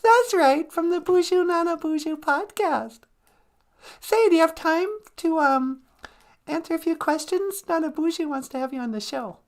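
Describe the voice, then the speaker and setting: A man's voice: extremely high pitch, moderate pace, pitched above the performer's own voice. A man voicing a chirpy young female phone receptionist who talks in a bubbly, sing-song way. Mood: perky.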